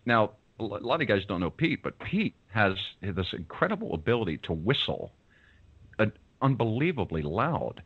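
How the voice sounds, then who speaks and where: A man's voice: on the low side, normal speed, slightly rough. A man hosting a radio show, telling a story casually and acting out the people in it. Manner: animated, acts out the people in his story. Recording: dull lo-fi sound.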